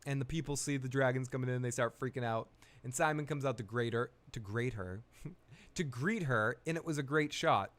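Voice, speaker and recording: A man's voice: medium pitch, steady tone, a little fast, fairly bright tone. A man hosting a live television recap, retelling scenes in a crude, joking, rambling way. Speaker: host of a live TV recap show. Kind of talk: casual live recap commentary.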